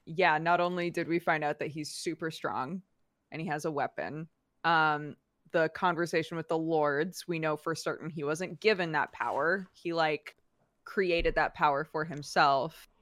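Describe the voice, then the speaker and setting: A young woman hosting a casual manga podcast. She talks in an animated way, laughs often and swears freely. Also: deep voice, moderate pace, dry recording, clean studio sound. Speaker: podcast host. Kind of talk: casual chat.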